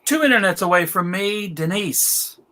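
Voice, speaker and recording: A man moderating a casual panel over a video call, playful and quick to laugh. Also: sits high, animated, pushed and bright.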